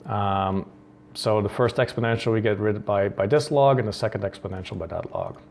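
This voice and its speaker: Low gravelly guy from the netherlands walking thru code, lots of ums, keyboard clacking, faint hiss. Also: normal speed, a little mellow. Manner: thinks aloud, many ums and restarts. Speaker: coding tutorial host. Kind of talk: screen-recorded coding tutorial.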